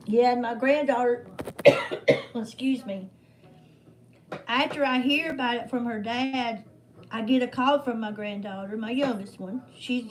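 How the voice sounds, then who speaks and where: A woman's voice: fairly high pitch, a little hiss or hum, low-quality recording. An older woman, hosting a casual livestream in a rambling, heartfelt way with folksy religious phrasing. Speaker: livestream host.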